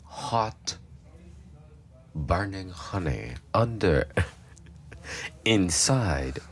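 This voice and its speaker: Prim gentleman played by a man, fake british accent, slow, gravelly, lively pitch. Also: exaggerated voice. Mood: mock-genteel. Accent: mock British.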